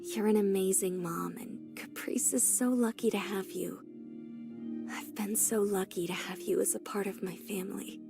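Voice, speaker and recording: A man voicing a dying young mother reading her farewell letters in a whispered role-play, soft and breathy. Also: high voice, steady tone, voice pushed up. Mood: tender. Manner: slow tender reading. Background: soft background music.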